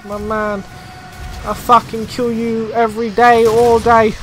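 A young man playing a shooter game, swearing and shouting trash talk at the enemies as he plays. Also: extremely high pitch, monotone, a little slow, slight background noise. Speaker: gamer. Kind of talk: let's play commentary.

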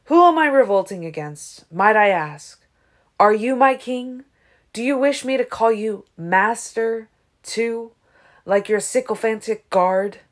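A woman's voice: on the high side, animated, unhurried, voice pushed up. A woman reading an audiobook, voicing a proud, defiant male vampire who speaks in a scornful, growling way.

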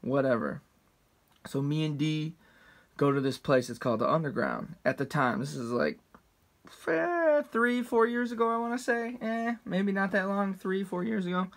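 A man in his twenties talks straight to the camera and tells a long, profane story in a loose, rambling way, circling back and restarting. His voice sits a little high for a man. He swears constantly and jumps into quoted voices as he goes. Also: animated, normal speed. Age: 20s. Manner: acts out quotes with big pitch jumps. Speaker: storyteller vlogger.

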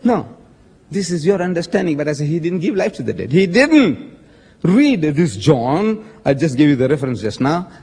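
In a public religious debate, a man with a slightly high, sing-song, mellow voice with a breathy edge argues at a moderate pace. He is emphatic and pointed, quoting scripture with dramatic stress and calling his opponent sir, in an echoey hall with long reverb.

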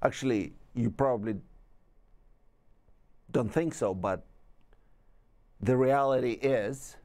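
A man's voice: medium pitch, slow pace, warm tone. A man hosting a comedic talk show, delivering a playful, rambling monologue with asides.

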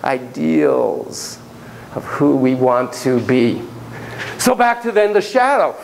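A man's voice: mid-range voice, expressive, slow, vocal fry, slight background noise, poor audio. A man lecturing a class on psychotherapy, telling a story theatrically with gasps, laughs and sudden drops to a whisper.

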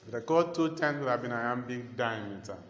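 A man lecturing a class, speaking slowly and repeating key terms so students can copy them down. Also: mid-range voice, animated. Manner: slow, repeats key terms to dictate notes. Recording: echoey hall with faint ambience.

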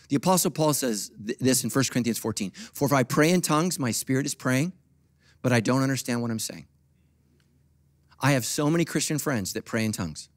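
A middle-aged man preaching a sermon as pastor, jumping between quiet asides and loud animated peaks, with humorous asides to the congregation. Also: medium pitch. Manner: animated preaching with big swings from soft to loud.

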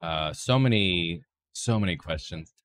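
A man chatting on a livestream in a goofy put-on bit. His voice sits on the low side but leaps wildly in pitch. He switches between silly high squeaks and flat mumbles. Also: measured pace. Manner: playful, rambling, swings between breathy silly highs and deadpan mumbling. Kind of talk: comedic stream chat impersonating a woman streamer.

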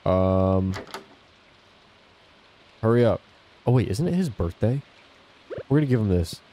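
A young gaming channel host plays a farming game indoors at home, offering casual commentary to his viewers. His voice is lowish, warm, and expressive, and he speaks a little slowly.

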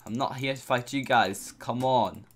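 A man giving excitable let's-play commentary on a video game, constantly exclaiming and talking to his viewers. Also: mid-range voice, a little slow, slight background noise. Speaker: gameplay commentator.

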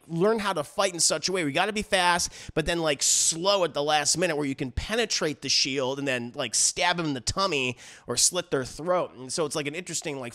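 A man's voice: on the high side, pushed and bright. A man giving a casual, rambling film review full of fillers and crude asides. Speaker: movie reviewer.

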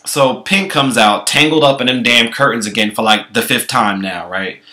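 A man vlogging, telling a profane comic story in an animated, chatty way. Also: mid-range voice, normal speed. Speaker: comedy vlogger. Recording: echoey room.

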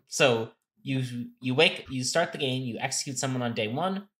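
A man's voice: mid-range voice, normal speed, fairly bright tone. A man co-hosting a casual game-strategy talk, explaining step by step and thinking aloud with restarts. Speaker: co-host.

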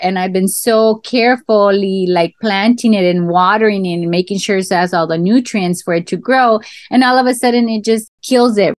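A woman's voice: medium pitch, no echo. A woman artist answering interview questions in a reflective, heartfelt way, often with the filler "right?". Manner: reflective, talks through garden analogies, becomes tearful. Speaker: guest artist.

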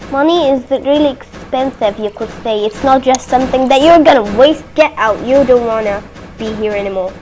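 A woman giving playful gameplay commentary, giggly and easily panicked, bursting into shrill cries of no. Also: normal speed, slight background noise, poor audio. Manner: excitable, breaks into high panicked shrieks of "no"; giggly and playful between outbursts. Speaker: gaming video host.

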